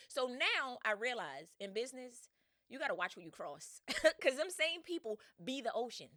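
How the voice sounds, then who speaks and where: A woman hosting a podcast, retelling a story in a slangy, laughing, animated way. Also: a little high, moderate pace, no room sound, studio quality. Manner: slangy, laughing, acts out voices in quotes. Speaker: podcast host.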